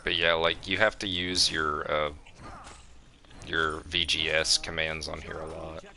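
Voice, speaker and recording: A young streamer with a very deep, gravelly voice walks through how a game works in a relaxed, plain way. His tone has a hard, bright edge, with a faint hiss behind it. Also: measured pace. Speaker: gaming streamer. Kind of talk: casual chat while streaming a game.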